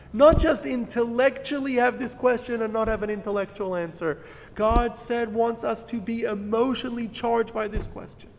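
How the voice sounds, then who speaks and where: High-voiced man preaching in an echoing hall. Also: a little hiss or hum. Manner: earnest, rises to emphatic peaks, many fillers. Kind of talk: sermon-style lecture.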